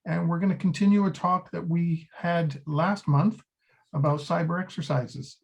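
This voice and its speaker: A man's voice: fairly high pitch, fairly even intonation, normal speed, gravelly, darkish tone. Man hosting an interview show. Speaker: podcast host.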